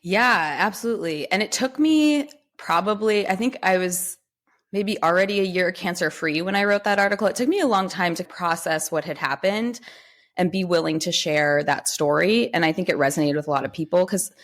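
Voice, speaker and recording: Lower-pitched woman telling her story. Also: fairly quick. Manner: animated, acts out quoted dialogue with lifted pitch. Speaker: podcast guest. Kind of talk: conversational storytelling.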